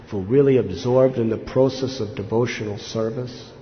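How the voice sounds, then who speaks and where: A man's voice: medium pitch, fairly even intonation, moderate pace. A man giving a devotional sermon as a monk, telling scripture stories earnestly and acting out quoted lines with rising intensity. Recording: slightly dull lo-fi recording with faint noise.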